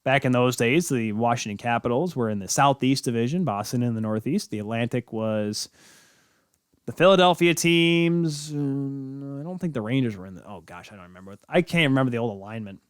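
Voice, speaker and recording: A man's voice: medium pitch, a little fast, smooth, no room sound, clean studio sound. A male podcast host talking casually about hockey, rambling and joking, correcting himself as he goes. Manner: rambling, self-correcting, jokey. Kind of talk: casual sports talk.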